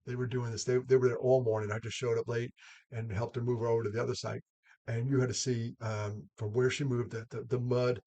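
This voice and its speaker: A man's voice: medium pitch, level tone, brisk, mellow, lo-fi sound. A man, a mental health advocate, talking casually and earnestly to camera, rambling with frequent laughs.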